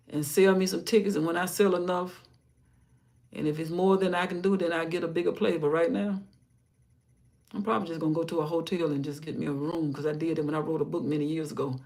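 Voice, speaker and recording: An older grandmother hosting a live stream, talking in a rambling, casual way about her day and her faith, often sinking into soft murmurs. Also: on the low side, gravelly. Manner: rambling, warm-hearted, drifts into soft murmurs. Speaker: livestream host.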